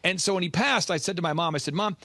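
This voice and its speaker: A man's voice: high voice, fast talker, bright, forceful tone, dry recording. A man talking as a business coach on a podcast, emphatic and urgent, repeating key lines for stress. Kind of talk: motivational podcast talk.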